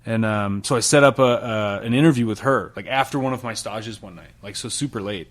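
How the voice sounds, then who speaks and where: A man's voice: fairly low pitch, fairly quick. A man in his thirties from Utah, a chef telling stories casually in an interview, with lots of fillers and the odd swear. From Salt Lake City, Utah. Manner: relaxed storytelling, many fillers, laughs and swears. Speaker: chef, podcast guest.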